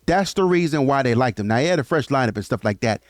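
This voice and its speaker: Animated man ranting about dating. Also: mid-range voice, fast, no room sound, clean studio sound. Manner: animated, acts out quotes of others. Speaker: host. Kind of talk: casual commentary monologue.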